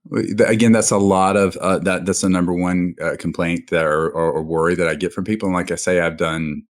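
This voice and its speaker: A man's voice: low voice, fairly even intonation, a little fast. A middle-aged man, a doctor guest on a podcast, explaining things in a reassuring, hesitant way with many fillers. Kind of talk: casual podcast interview.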